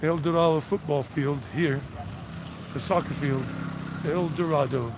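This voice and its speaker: A man's voice: a little high, steady tone, measured pace. A middle-aged American man hosting a casual walking-tour live stream, rambling and repeating himself as he walks. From United States. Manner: rambling, repeats himself, sings song snippets. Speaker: vlog host giving a walking tour. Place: outdoors on city streets. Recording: outdoor street noise behind voice.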